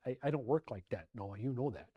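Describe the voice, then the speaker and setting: A man voicing God in a comic story, speaking low and calm with a deadpan tone. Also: normal speed, slightly rough, no room sound, muffled recording. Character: calm, dry-spoken God in a comic tale.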